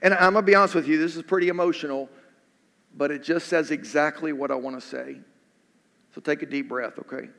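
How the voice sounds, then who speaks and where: A man's voice: on the high side, brisk, vocal fry, fairly bright tone. A male pastor preaching a sermon in an earnest way, repeating questions for emphasis. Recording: echoey hall.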